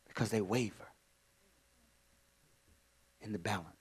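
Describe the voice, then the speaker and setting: A male pastor delivering a sermon, dropping to hushed whispers and then rising to shouted cries of praise. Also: on the low side, a little slow, husky. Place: church sanctuary.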